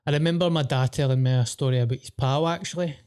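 A man's voice: mid-range voice, fast, a little mellow, clean tone. A Scottish man hosting a podcast, chatting casually and swearing as he tells stories. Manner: sweary, storytelling. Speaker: podcast host. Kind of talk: casual chat.

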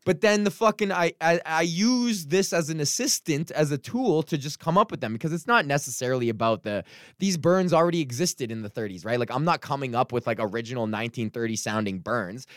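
A man's voice: on the high side, animated, a little fast, no echo, clean studio sound. A man hosting his podcast, ranting casually and swearing a lot, rambling with fillers and restarts, with a lingering cough. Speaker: podcast host, stand-up comic.

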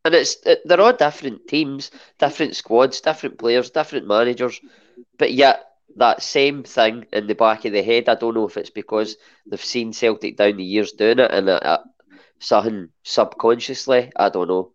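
A man's voice: mid-range voice, moderate pace, muffled recording. A Scottish man chatting as a podcast guest, hesitant and full of restarts. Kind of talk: casual chat.

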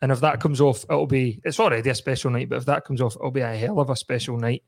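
A man's voice: medium pitch, fairly even intonation, fast talker, gravelly. A Scottish man hosting a casual football podcast, chatty, laughing often and swearing casually. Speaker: podcast host.

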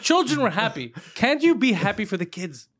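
A man co-hosting a podcast, telling a story in a loose, animated way, swearing and laughing as he goes. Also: sits high, a little fast. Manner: animated, swearing, laughs through his stories. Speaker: podcast co-host. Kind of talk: casual storytelling chat.

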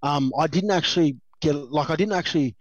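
A man's voice: a little high, brisk, no echo. Chatty Australian man, dry and muffled. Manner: rambling, chatty storyteller who laughs often, lots of "you know" and "um". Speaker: guest, former rugby league player. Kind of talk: relaxed anecdotal interview.

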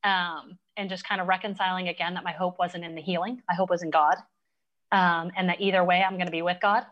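A woman hosting a live online chat, talking in an earnest, halting way with many fillers. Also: fairly low pitch, little pitch movement, lo-fi sound. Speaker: host. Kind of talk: casual live-stream chat.

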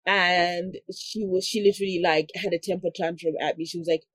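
Husky-voiced woman telling a story animatedly. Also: on the low side, brisk, no echo. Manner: animated, acts out quoted dialogue; frequent "like" fillers. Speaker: podcast guest telling a story. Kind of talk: casual storytelling.

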